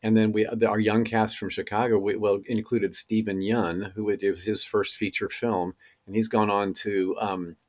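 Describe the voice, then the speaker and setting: A middle-aged actor, a man, chatting as a podcast guest and telling animated stories with many fillers and restarts. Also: fairly low pitch, normal speed, few pauses. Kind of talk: casual podcast interview.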